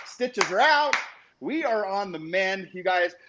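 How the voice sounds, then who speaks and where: A man chats on a live stream in a high voice that swings up and down. He talks at an easy pace, breaking into whoops and shout-outs. The sound is dull, with noise underneath. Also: animated, measured pace. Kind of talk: casual live-stream chat.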